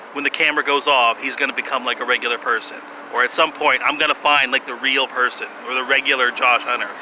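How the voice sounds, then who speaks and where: A man in his thirties talking to camera in a halting, rambling way, full of fillers and restarts. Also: medium pitch. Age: 30s. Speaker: vlogger. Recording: outdoor street noise with passing cars.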